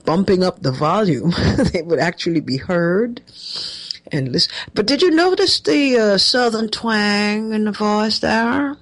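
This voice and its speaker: Husky-voiced woman giving sarcastic commentary. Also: on the low side. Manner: sarcastic, mocking. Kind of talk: political commentary.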